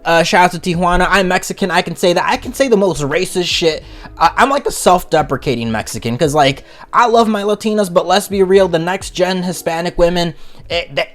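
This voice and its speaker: A man's voice: a little high, a bit bright. A man hosting a comedic review vlog, talking in a crude, profane, rambling rant. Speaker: channel host, reviewer.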